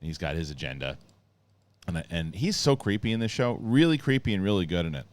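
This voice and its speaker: A man hosting a casual show, excitedly retelling scenes in a rambling way full of restarts. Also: deep voice, fairly quick, dry recording. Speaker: show host reviewing a TV episode. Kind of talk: casual spoken review.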